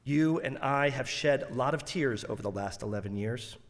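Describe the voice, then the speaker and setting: A man's voice: mid-range voice, normal speed. Earnest preaching rabbi, man, echoing sanctuary. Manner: earnest, rhythmic preaching with emphatic alliteration. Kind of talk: sermon. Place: large synagogue sanctuary. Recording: long reverb of a large sanctuary.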